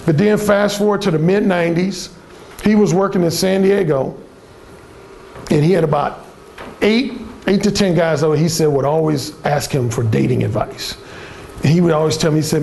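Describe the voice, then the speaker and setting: A man's voice: on the high side, normal speed, creaky, a little mellow, slight background noise. A man telling a frank, profane story at a dating seminar, acting out the people in it. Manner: frank, profane, acts out the people in his stories. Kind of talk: storytelling talk.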